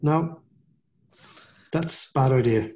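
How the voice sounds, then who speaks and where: A man's voice: fairly high pitch, slow pace, darkish tone. A man on a casual podcast, dropping dry quips. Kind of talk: casual chat.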